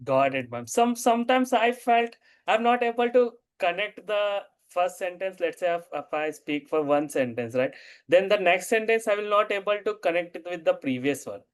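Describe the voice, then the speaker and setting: Halting man asking his coach questions. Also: sits high, expressive, clean tone. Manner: halting, restarts his sentences. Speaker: learner.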